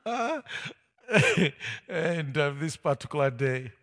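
Slow-paced man telling a church testimony. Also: a little high, vocal fry. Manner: storytelling, slow, builds to loud emphatic peaks. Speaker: preacher sharing his testimony. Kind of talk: sermon testimony.

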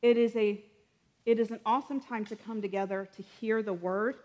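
A woman's voice: fairly high pitch, steady tone, fairly quick, mellow, dull audio. A woman leading church announcements and prayer in a chatty style, with frequent amens. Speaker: church leader.

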